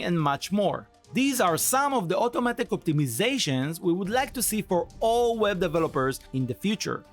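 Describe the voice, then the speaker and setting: A man delivering a scripted conference talk, full of energy and salesmanship. His pitch swings widely as he pitches ideas, and faint music plays underneath. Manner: enthusiastic, pitching, playful. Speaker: conference speaker and framework core team member.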